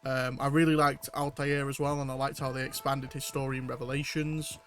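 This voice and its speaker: A man's voice: mid-range voice, little pitch movement, fairly quick, soft background music. A man in his twenties with a northern English accent from near Manchester, rambling casually to viewers while streaming a game. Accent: northern English, Mancunian with some Scouse. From England, near Manchester. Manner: rambling and chatty, many fillers and restarts. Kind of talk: casual gameplay chat with viewers.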